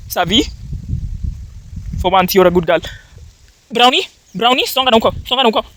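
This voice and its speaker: Speaking a little high and a little fast, with slight background noise, a young homesteader walks through her outdoor vegetable garden in a casual vlog. She's animated and exclamatory about her crops, calling out to her dogs and both scolding and cooing at them.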